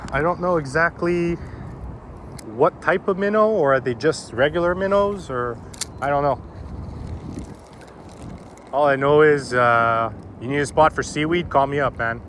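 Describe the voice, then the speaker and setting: A man's voice: fairly high pitch, a little slow, pauses often, a bit bright, slight background noise. A man talking casually to his viewers while fishing outdoors on a river bank. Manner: chatty and informal, addressing viewers as "boys". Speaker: fishing vlogger. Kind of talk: casual vlog commentary.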